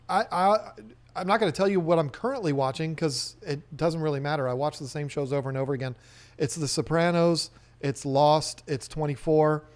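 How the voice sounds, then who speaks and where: A man's voice: fairly high pitch, darkish tone. A man hosting a live stream, chatting casually and joking as he reads viewer comments, rambling with restarts.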